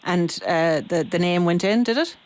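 A woman's voice: on the low side, moderate pace, darkish tone. A woman hosting a radio phone-in, questioning callers with stammered restarts.

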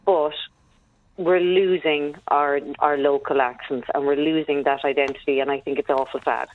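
A woman's voice: low voice, fairly even intonation, moderate pace. A woman phoning in to a radio show as a mother, forthright and opinionated, laughing often. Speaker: caller, mother. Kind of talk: phone-in chat. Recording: dry tinny phone line.

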